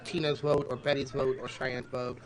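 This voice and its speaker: A man co-hosting a live podcast, talking haltingly and tripping over his words. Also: medium pitch, flat delivery, crowd noise. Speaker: podcast co-host. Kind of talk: casual livestream chat.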